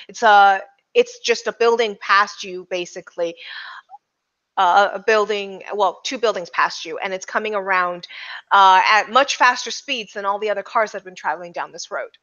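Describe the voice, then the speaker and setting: Bright-voiced woman running a tabletop game. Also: medium pitch, muffled recording. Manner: loose, filler-heavy narration with frequent restarts. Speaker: game master.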